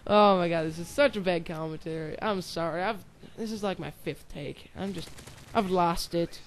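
A man's voice: high voice, a little slow, slight background noise. A young man giving casual gameplay commentary, rambling and giggly with self-deprecating asides. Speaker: gaming channel host.

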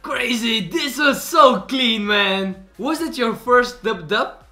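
A man, hosting and commenting on clips in a reaction video, excitable and quick to exclaim and laugh. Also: very high voice, faint music behind. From Bulgaria. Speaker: host.

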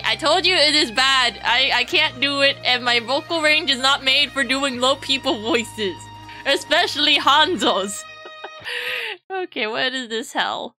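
Bright-voiced, sarcastic young woman streamer. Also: high-pitched, rough recording. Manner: sarcastic, crude, laughing. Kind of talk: livestream game commentary.

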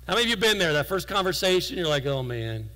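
Bright-voiced man preaching in a hall. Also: high voice, racing. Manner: conversational storytelling with self-deprecating humor. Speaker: guest preacher. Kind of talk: sermon. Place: church sanctuary.

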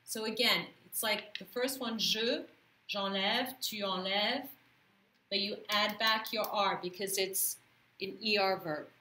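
A woman walks her students through a grammar lesson, slow and patient, often checking whether they follow. Her voice sits a little high and sounds bright. The room around her is echoey. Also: a little hiss or hum. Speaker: French teacher.

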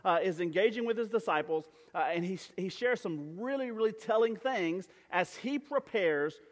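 A man's voice: high voice, lively intonation, normal speed. A man preaching a sermon as pastor in a church sanctuary, talking conversationally with many fillers and restarts. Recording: church hall with long reverb.

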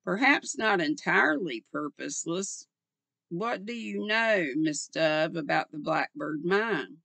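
An older woman voicing a male police inspector who questions quietly and pleasantly, read slowly with a gravelly tone. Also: on the low side, lively intonation, no echo, full character voice. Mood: probing.

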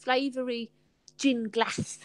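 A woman with a high voice chats her way through a casual live stream from home. She is giggly and chatty and pokes fun at herself as she goes. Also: little pitch movement, slow pace. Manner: chatty, giggly, self-mocking. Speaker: host.

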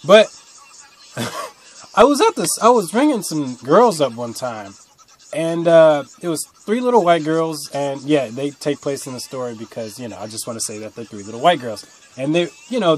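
A young man telling rambling stories to camera in a blunt, casual way, swinging from mutters to loud outbursts. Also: on the high side, expressive, moderate pace. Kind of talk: casual storytelling monologue.

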